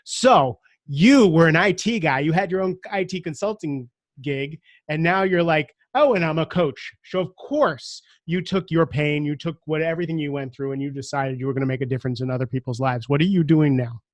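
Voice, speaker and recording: Chatty Brooklyn podcast host, dry sound. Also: male voice, on the high side, a little fast, few pauses, no room sound. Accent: Brooklyn, New York. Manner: reflective, chatty and teasing. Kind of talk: conversational interview hosting.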